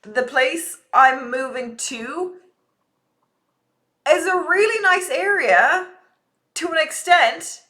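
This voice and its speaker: A woman's voice: high voice, sharp tone. A young woman streaming live, chatting casually and ranting with a lot of swearing.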